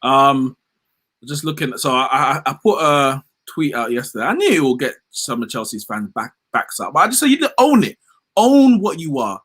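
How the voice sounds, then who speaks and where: A man hosting a casual football livestream, animated and slangy, reading out viewer comments. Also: medium pitch, moderate pace, husky. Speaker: host.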